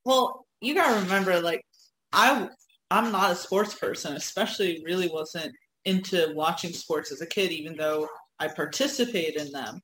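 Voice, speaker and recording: A woman's voice: fairly low pitch, normal speed, fairly bright tone, slight background noise. Chatty laughing woman in an echoey room. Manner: chatty, laughs often, rambling. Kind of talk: casual chat.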